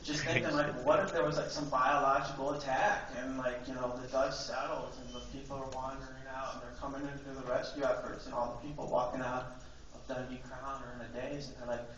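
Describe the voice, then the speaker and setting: A man's voice: medium pitch, little pitch movement, fairly quick. A young man, a teacher, doing a rambling, self-deprecating stand-up set full of fillers in a school auditorium. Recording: echoey hall from far off, dull and noisy.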